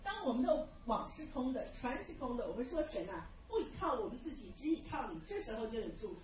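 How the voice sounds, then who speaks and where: A woman interpreting a sermon live, rendering each phrase quickly after the preacher. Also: on the high side, big pitch swings, a little hiss or hum. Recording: distant, echoey, dull hall sound.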